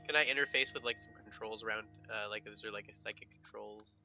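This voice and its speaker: Man, tabletop player, wry, halting, casual. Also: on the low side, steady tone, creaky, pushed and bright, faint music behind.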